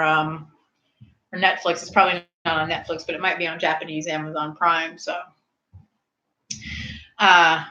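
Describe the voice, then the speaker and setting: A woman in her thirties, slightly tipsy, chatting casually with her viewers and rambling off into animated tangents. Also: fairly low pitch, highs cut off. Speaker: streamer hosting a snack review.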